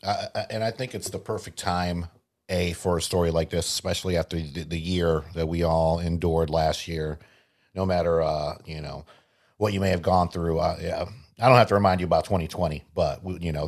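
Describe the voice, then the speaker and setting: Guy with a really low voice, laid back rambly movie chat, laughs a lot. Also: steady tone, fairly quick. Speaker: podcast co-host. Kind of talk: casual movie chat with read ad spot.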